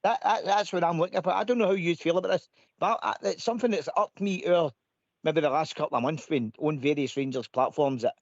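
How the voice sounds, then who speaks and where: A Scottish man with a high voice co-hosts a phone-in show, speaking in an animated way that stumbles and restarts as he goes. The sound is dry and close, and slightly dull and lo-fi. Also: fast, dry recording. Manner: animated, stammers and restarts as he talks. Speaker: co-host of a fan phone-in show. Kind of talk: casual opinionated chat.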